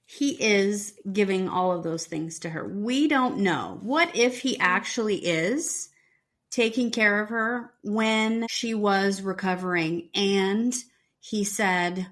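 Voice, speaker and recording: A podcast co-host with a mid-range, slightly bright voice chats casually and slowly about a reality show, arguing her points emphatically.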